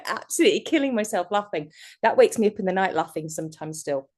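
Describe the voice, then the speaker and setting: A woman's voice: on the high side, very animated, moderate pace. Woman, guest speaker, online workshop, chatty and rambling, laughs a lot, video call audio.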